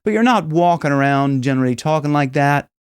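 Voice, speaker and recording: A man's voice: on the high side, animated, brisk, clean tone, dry recording, studio quality. A man teaching singing in a casual, rambling way, with many restarts and demonstrations. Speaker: vocal coach.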